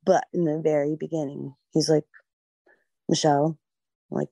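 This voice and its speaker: Appearing as a guest, this middle-aged American mother of a missing girl talks with a low voice that barely shifts in pitch, at a fairly quick pace and with a warm tone. The recording has no echo. Emotional and rambling, she imitates the people she quotes and fills gaps with "like" and "you know."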